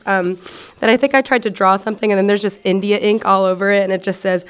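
A woman's voice: mid-range voice, fast, smooth. A young woman casually reading entries from her old teenage journal, joking and swearing at herself. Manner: self-mocking, laughing, swearing. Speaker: vlogger.

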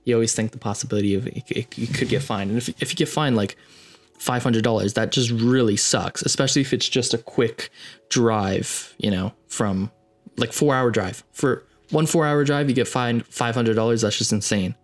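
Retelling a story with lots of energy, this young Ontario-born podcast host wanders off on tangents and leans heavily on filler words. He speaks at a normal pace in a mid-range voice.

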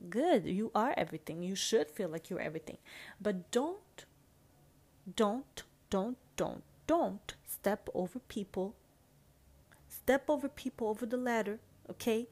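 A young woman hosting a casual solo podcast, talking in an animated, chatty way, swearing casually and slipping into playful voices. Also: mid-range voice, measured pace. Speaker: podcast host.

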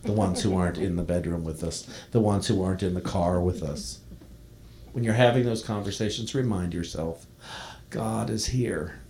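A man preaching a sermon, reading a devotional text aloud and then speaking gently to his congregation. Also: deep voice, a little hiss or hum. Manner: reads a devotional poem aloud, then preaches in a soft, slowing voice. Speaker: minister.

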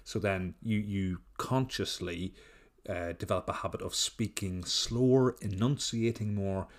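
A man's voice: on the low side, fairly even intonation, unhurried. A man with an Irish accent co-hosting a casual film chat, blunt and laid-back with plenty of swearing. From Ireland. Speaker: podcast co-host.

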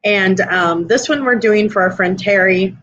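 A woman's voice: medium pitch, unhurried, a bit bright, lo-fi sound. A woman co-hosting a live stream, chatting casually and rambling with lots of fillers. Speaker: podcast co-host.

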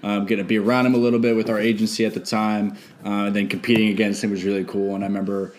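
A man, a former baseball pitcher, talking as a guest on a casual podcast, rambling with many fillers. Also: flat delivery, racing.

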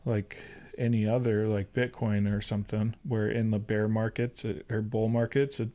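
A man's voice: on the low side, flat delivery, normal speed, warm tone. A man co-hosting a podcast, talking casually and hesitantly with many fillers and restarts. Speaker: podcast co-host. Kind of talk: casual chat.

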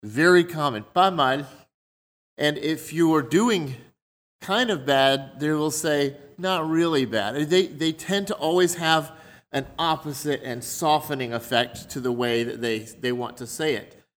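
A man's voice: on the high side, unhurried, fairly bright tone. A man preaching a sermon in a conversational way, explaining his points through everyday examples.

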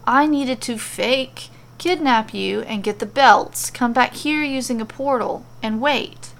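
A woman's voice: on the high side, a little slow, creaky. A woman voicing a confused, nervous blond warrior man who explains himself with frustrated emphasis.

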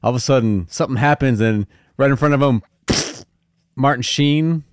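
A man's voice: medium pitch, normal speed, no room sound, studio quality. Easygoing man chatting about films. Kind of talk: casual movie chat.

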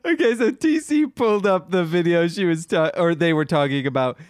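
A podcast co-host at mid pitch, speaking briskly and plainly. The sound is dry and close to the mic. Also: no room sound. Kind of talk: casual chat.

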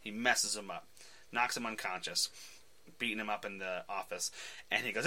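A man hosting a casual podcast, retelling a comic book in an animated way and laughing often. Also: lowish voice, brisk. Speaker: podcast host.

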